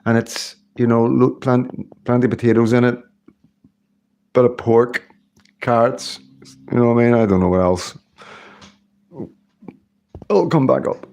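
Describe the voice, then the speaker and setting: A man's voice: mid-range voice, measured pace, vocal fry, long pauses, darkish tone. A middle-aged man hosting a casual livestream, chatting in a rambling way and laughing often. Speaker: livestream host. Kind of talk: casual live-stream chat.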